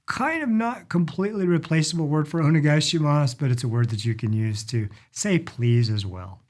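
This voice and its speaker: His voice is medium-pitched, brisk and a little mellow: a middle-aged man teaching language and culture. He casually explains phrases for travelers and demonstrates them with stretched-out vowels.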